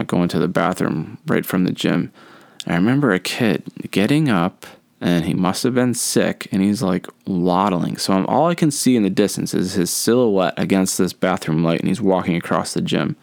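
Low, smooth-voiced man telling stories. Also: no echo. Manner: relaxed, rambling, with many fillers and self-corrections. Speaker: podcast host. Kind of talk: casual solo storytelling.

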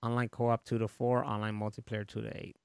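A relaxed man talks through video games in a loose, rambling way, laughing and swearing casually. His voice sits a bit low. The sound is dry and close, with no room echo. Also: a little fast, vocal fry, clear, resonant tone. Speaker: podcast co-host. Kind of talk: casual chat.

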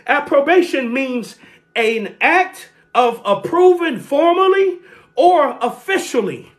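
A preacher delivering a sermon, repeating key phrases, calling for responses and shouting at the peaks. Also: sits high. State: sweating.

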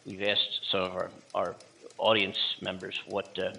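A man co-hosting a radio talk show, chatting casually in a halting way with many restarts and easy laughter. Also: low-pitched, monotone, creaky, sharp tone, husky. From USA. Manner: halting, full of fillers and restarts, laughs easily.

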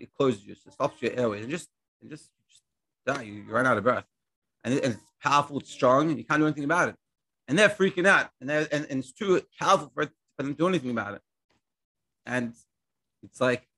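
A man teaching a Torah class in a casual, chatty way, acting out stories with frequent restarts and repeated words. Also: medium pitch. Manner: animated storytelling with many restarts.

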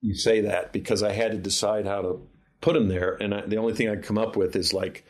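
A man's voice: lowish voice, fairly even intonation, fairly quick. A man, a film director guest, telling long behind-the-scenes anecdotes in a casual interview, often restarting his sentences. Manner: rambling anecdotes with many restarts.

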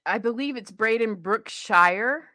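A woman's voice: medium pitch, animated, moderate pace, a bit bright, no echo. A woman hosting a podcast in casual, bubbly chat, laughing often and poking fun at herself. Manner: bubbly, laughing, self-deprecating. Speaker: podcast host.

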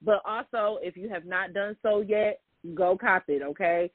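A man's voice: sits high, normal speed, no echo. A man hosting a podcast, chatting casually and giving advice straight to his listeners. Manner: chatty, gives hair tips, often addresses listeners as "y'all". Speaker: podcast host. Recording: tinny phone-like line.

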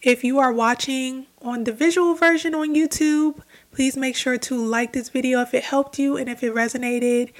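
A young adult woman talking alone on her spiritual podcast, earnest and reflective, repeating phrases for emphasis. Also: high voice. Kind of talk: solo spiritual podcast talk.

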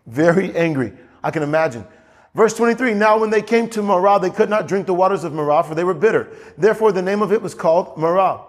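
Man, pastor, sermon, fairly high voice, lively preaching, echoing church hall. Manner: animated preaching, rising high when acting out scripture.

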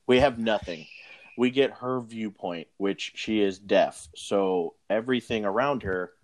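Rambling low-voiced man reviewing a movie. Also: a little slow. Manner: rambling, many fillers and restarts. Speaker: podcast host. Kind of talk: casual movie review chat.

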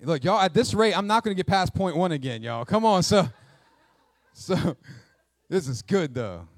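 A middle-aged male pastor preaching a sermon in a lively, conversational way, mixing jokes and asides into his teaching. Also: high voice, normal speed, no room sound.

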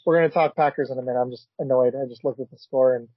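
A man hosting a casual football podcast, talking excitedly and reacting out loud with frequent laughs. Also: medium pitch, racing, breathy edge, no room sound. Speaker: podcast host. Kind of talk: casual sports chat. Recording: dull lo-fi remote audio.

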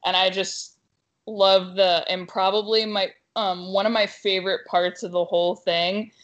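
Slow-talking female podcast co-host. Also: medium pitch, highs cut off. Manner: relaxed, casual, swears freely. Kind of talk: casual podcast chat.

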